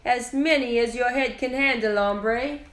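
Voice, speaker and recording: A woman's voice: mid-range voice, lively intonation, takes it slowly, reverberant. A woman voicing a bold, playful boy kitten who thinks he's a chihuahua, in a sing-song, dramatic storybook manner.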